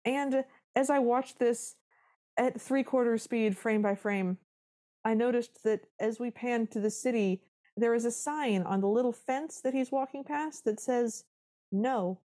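A woman's voice: fairly high pitch, unhurried, mellow. A woman co-hosting a podcast, recapping a film in casual chat with wry, dramatic storytelling. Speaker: podcast co-host.

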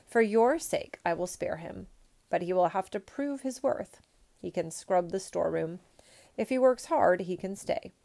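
A woman reading aloud in a storybook, voicing a stern, quick-tempered old male emperor who snaps and shouts. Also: on the low side, animated, creaky. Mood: gentler.

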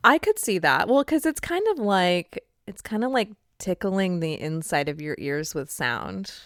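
Easygoing lower-voiced woman co-host, dry sound. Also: big pitch swings, unhurried, no room sound. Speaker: podcast co-host. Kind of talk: casual chat.

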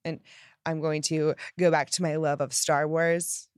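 A woman giving an upbeat motivational self-help talk, emphatic and lively, acting out the phrases she quotes. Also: deep voice, unhurried, smooth, dry recording, clean studio sound. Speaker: self-help podcast host.

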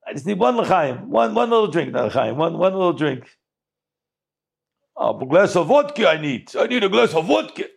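Man doing a village governor, insistent, wheedling, raised pitch, louder. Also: very animated, normal speed, vocal fry, husky, heavily acted. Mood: coaxing. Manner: coaxing, insistent pleading. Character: demanding male village governor wanting vodka.

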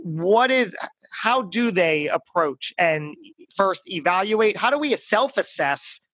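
A man's voice: high voice, animated, slow pace, a bit bright, no echo. Eager male podcast host. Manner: eager, affirming interviewer with fillers. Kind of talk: podcast interview.

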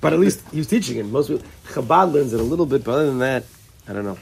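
A man's voice: medium pitch, animated, rapid-fire, creaky, noisy background. A man leading an informal religious study group, thinking aloud, restarting phrases and mixing Hebrew terms into his English. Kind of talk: informal Torah class.

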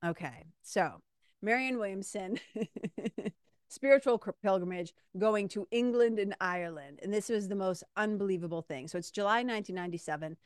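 A woman's voice: medium pitch, normal speed, smooth, dry recording, studio quality. Chatty woman telling a story. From Massachusetts, USA. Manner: chatty and animated, addresses listeners as "you guys". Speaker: podcast host. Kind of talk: casual storytelling monologue.

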